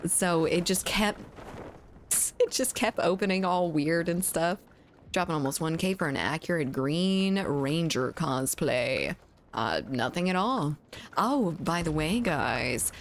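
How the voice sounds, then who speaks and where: A woman's voice: low-pitched, slight background noise. A woman streamer chatting casually and reading viewer messages aloud, giggling often, at a desk mic at home. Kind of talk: casual chat reading live chat.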